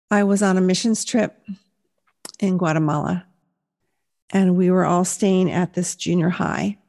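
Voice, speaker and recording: A woman's voice: lowish voice, a little mellow. A woman in her sixties giving a personal faith testimony, telling her story in an earnest, reflective way. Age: 60s.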